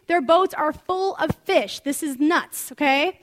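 A woman teaching from the Bible in an animated, conversational sermon full of asides. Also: very high voice, slow, few pauses. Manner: animated, chatty storytelling with asides.

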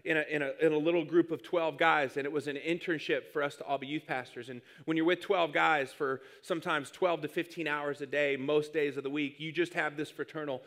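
A man's voice: on the high side, fairly even intonation, fairly quick, hardly any pauses, fairly bright tone. A man in his thirties preaching a sermon, telling a funny story and acting out his own whiny prayers. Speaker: pastor.

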